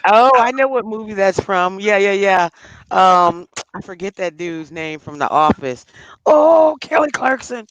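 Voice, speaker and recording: A woman's voice: mid-range voice, expressive, unhurried, fairly bright tone. A woman co-hosting a casual live stream chat, teasing playfully and laughing often while she packs things with tape. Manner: busy packing items with tape while talking.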